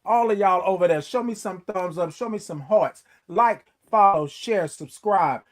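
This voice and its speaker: It's the morning livestream host, a man with a high, lively voice. Chatting casually with viewers watching live, he animatedly sings bits of tunes and draws out each greeting.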